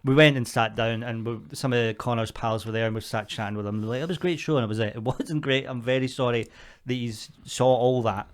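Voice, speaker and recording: A man's voice: medium pitch, fairly quick, smooth. Sweary young man telling a story. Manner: sweary, animated storytelling with laughter. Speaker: podcast co-host. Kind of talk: casual storytelling chat.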